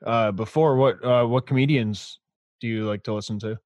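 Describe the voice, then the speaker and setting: A man's voice: medium pitch, fairly even intonation, moderate pace, a little mellow, dry recording. A man co-hosting a podcast, asking the guest curious questions in casual chat. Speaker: podcast co-host.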